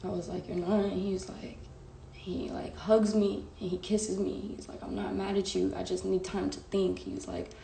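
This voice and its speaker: A woman's voice: mid-range voice, flat delivery, moderate pace, creaky, dark tone. A young woman, telling a candid, emotional story to her live-stream viewers with lots of "like" and "bro.". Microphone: phone live stream. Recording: echoey room with faint background hiss.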